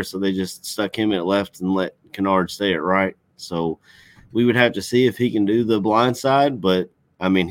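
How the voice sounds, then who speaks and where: A man's voice: on the low side, no echo. A man talking football in a casual, folksy and passionate way. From Kentucky. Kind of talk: casual sports chat.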